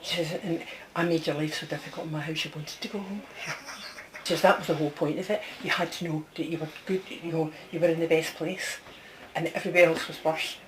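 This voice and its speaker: A woman's voice: deep voice, fairly even intonation, brisk, a crowd in the background, poor audio. A woman giving a one-to-one reading as a medium, chatty, passing on messages and checking in often with the person she is reading for. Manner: chatty, relays messages, keeps checking with the sitter. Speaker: psychic medium.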